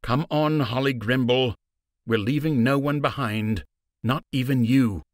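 A man's voice: medium pitch, a little slow, no echo, clean studio sound, pitched above the performer's own voice, close to an everyday voice. A man voicing a brave, determined young rabbit prince in a storybook, calling out raised and breathless. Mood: urgent.

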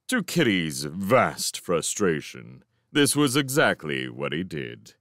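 A man reading a children's fantasy novel aloud, with expressive, dramatic storytelling. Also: deep voice, slow pace, dry recording, studio quality. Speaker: audiobook reader. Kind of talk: scripted storybook narration.

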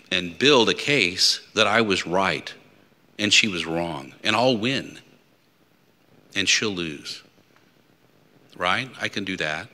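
A man's voice: fairly low pitch, pushed and bright. A man preaching as a deacon at a Lenten mission, talking conversationally with asides and hypothetical stories. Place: church. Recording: long church reverb.

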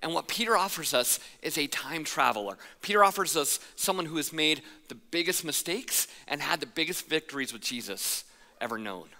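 A male pastor telling a personal story in a sermon, animated and playful, acting out voices and counting. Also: on the high side, moderate pace, long reverb tail. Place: church auditorium.

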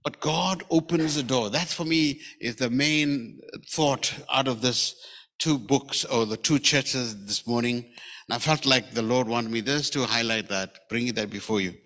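South African pastor preaching in a reverberant church. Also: male voice, medium pitch, unhurried, fairly bright tone. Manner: storytelling, acting out quoted lines, conversational. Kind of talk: sermon. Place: church sanctuary. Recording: church hall with long reverb.

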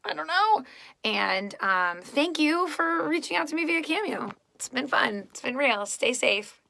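Chatty actress, female, rambling storyteller with a bright, forceful tone and some vocal fry. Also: sits high, lively intonation, unhurried, no echo. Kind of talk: casual recorded fan message.

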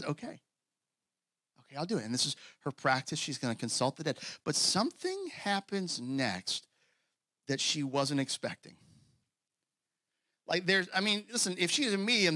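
A man preaching a sermon as pastor in an animated, conversational way, with casual asides. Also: high voice, dry recording. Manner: acts out scripture quotes in character voices.

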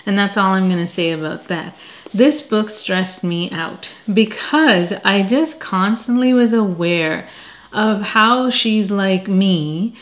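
A middle-aged woman chatting casually about books she has read, self-deprecating, with animated asides. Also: mid-range voice. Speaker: book reviewer. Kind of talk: casual chat.

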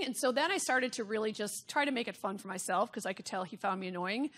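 A woman's voice: mid-range voice, fast talker. A comedian in her fifties, a woman from the United States, telling a candid anecdote in an interview with blunt asides. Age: 50s. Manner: animated, gossipy storytelling with blunt asides. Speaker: comedian guest.

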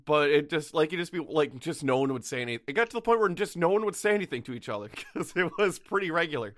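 A man's voice: on the high side, animated, a bit bright. A man co-hosting a podcast, chatting casually in a rambling way with laughs. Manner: rambling, laughing, quick asides. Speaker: podcast co-host. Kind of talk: casual chat.

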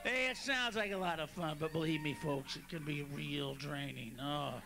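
A male stand-up comedian doing a profane, raucous set with sudden shouted bursts. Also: a little high, normal speed, vocal fry, noisy background. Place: club stage at a rehearsal.

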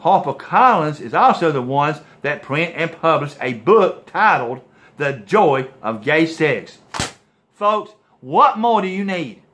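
A man's voice: on the high side, animated, slow, a bit bright, a little hiss or hum. A man preaching to a video audience in an impassioned, emphatic way. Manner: impassioned, emphatic, repeatedly saying "folks, listen".

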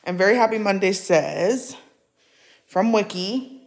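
A woman with a medium-pitched, darkish voice speaks a little slowly as she vlogs casually from home. Chatting live, she reads viewers' comments out loud and talks to her cat.

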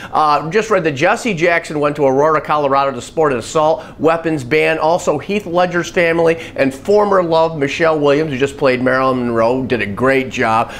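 A man's voice: fairly high pitch, a little hiss or hum. A man giving blunt, sarcastic, emphatic commentary on his own vlog. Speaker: vlogger. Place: Chicago.

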